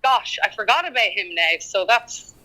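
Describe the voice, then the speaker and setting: A woman's voice: mid-range voice, lively intonation, moderate pace, bright, forceful tone, poor audio. A woman from Ireland with an Irish accent, a singer-songwriter chatting as a guest in an interview, laughing often and talking with plenty of fillers. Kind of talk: casual interview chat.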